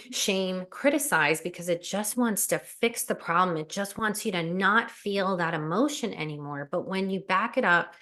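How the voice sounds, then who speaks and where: Earnest low-voiced woman coach. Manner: earnest, animated, many fillers. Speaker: life coach guest. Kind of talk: casual interview chat.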